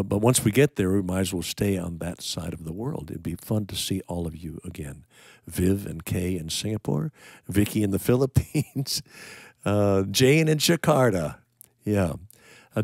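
Low-voiced older American man chatting. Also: darkish tone, no room sound, clean studio sound. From United States. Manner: rambling, folksy, pauses with uh and um. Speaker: worship livestream host. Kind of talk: casual chat greeting viewers.

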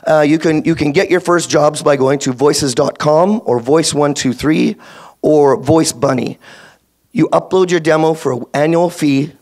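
A man's voice: a little high, unhurried, a little mellow. A man with a Canadian accent, a voice actor speaking on a convention panel, giving career tips in a rambling, jokey way full of restarts. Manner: rambling, jokey, self-interrupting.

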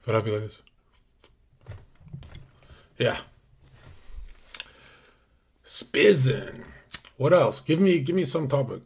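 Husky-voiced male streamer, brash casual chat with sudden hushed asides. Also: mid-range voice, lively intonation, normal speed, long pauses. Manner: brash, crude, drops into hushed whispers. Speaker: streamer host. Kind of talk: casual livestream talk.

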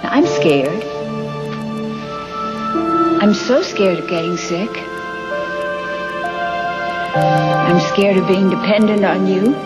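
A tender mother voiced by an actress in a 1990s TV soap, speaking in soft, halting phrases. Her mid-pitched voice sits over a loud dramatic score. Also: loud music behind the voice, natural voice. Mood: frightened. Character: frightened, loving middle-aged mother. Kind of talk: 1990s daytime soap acting.

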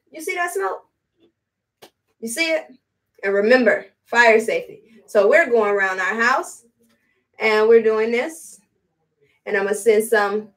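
A woman with a slightly high, fairly bright voice hosts a casual live-stream demo selling spiritual products. She's chatty and repetitive, using blunt slang, and she sounds distant from the mic.

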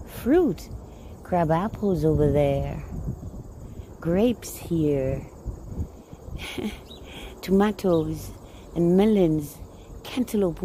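Woman, low dark mellow voice, unhurried rambling chat, laughs and repeats words, outdoors in a garden, faint crickets. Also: a little hiss or hum, low-quality recording. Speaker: vlogger. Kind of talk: casual chat.

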